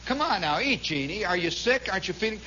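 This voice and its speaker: A man's voice: high voice, very animated, quick pace, pushed and bright, highs cut off, slight background noise, exaggerated voice. A man voicing a worried mother coaxing her child to eat, fussing and questioning.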